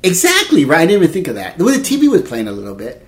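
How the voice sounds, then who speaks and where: A man in his fifties telling a dating story in casual chat, animated and laughing, acting out quotes. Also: on the high side, rapid-fire. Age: 50s. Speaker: podcast co-host.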